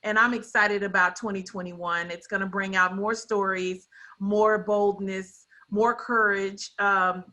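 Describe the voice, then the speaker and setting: Bright upbeat woman guest. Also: medium pitch, fairly even intonation, measured pace. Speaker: guest, foundation founder. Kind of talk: casual video-call interview. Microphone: video call.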